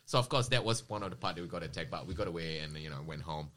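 A man casually recounting personal experiences in an interview, with a rambling, animated manner and quoted dialogue. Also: sits low, rapid-fire.

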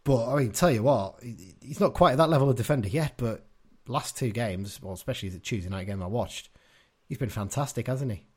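Fast-talking chatty man co-hosting a podcast. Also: medium pitch, darkish tone, husky. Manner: chatty, opinionated, with many tag questions. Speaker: podcast co-host. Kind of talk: casual football chat.

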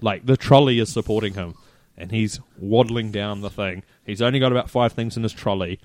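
A man's voice: lowish voice, a little fast, no echo. A man with a New Zealand accent, co-hosting a casual podcast and telling stories animatedly, acting out the voices of the people in them. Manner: animated storyteller, quoting people in raised voices. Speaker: podcast co-host. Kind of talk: casual chat, storytelling.

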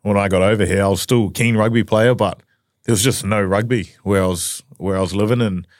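A man from New Zealand, a rugby league player guest, talking hesitantly with many pauses. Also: on the low side, fairly even intonation, no room sound, studio quality. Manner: hesitant, many ums, soft-spoken. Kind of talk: casual chat.

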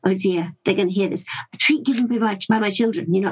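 A woman's voice: medium pitch, quick pace, a little mellow, a little hiss or hum, low-quality recording. A middle-aged woman in casual chat, chatty and self-deprecating, acting out little scenes as she talks.

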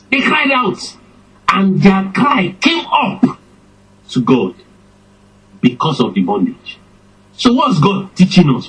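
Man preaching slow, voice all over the place, raspy. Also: fairly high pitch, low-quality recording. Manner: slow, emphatic, rising and falling for effect. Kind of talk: sermon.

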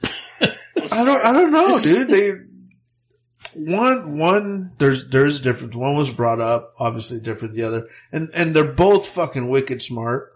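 Brief: higher-pitched guy, cussing, rambling rant in casual chat. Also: a little slow. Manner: profane, animated, rambling.

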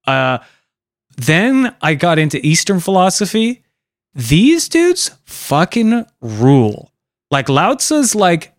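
A man's voice: high voice, very animated, takes it slowly, dry recording, studio quality. A young man hosting a casual comedy podcast, rambling loosely, swearing a lot and acting out voices. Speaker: podcast host.

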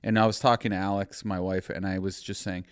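A man with a lowish voice chats casually on a podcast, keen and animated as he praises a show. The sound is dry and close to the mic. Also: a little fast, clean tone, no room sound. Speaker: podcast co-host. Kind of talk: casual chat.

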